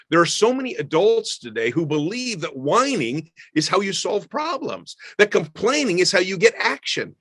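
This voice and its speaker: A man's voice: high-pitched, slightly rough, no echo. A middle-aged man, a pastor, giving an earnest, emphatic webinar talk on parenting and acting out the lines of parents and children. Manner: earnest, emphatic, animated teaching with acted-out quotes.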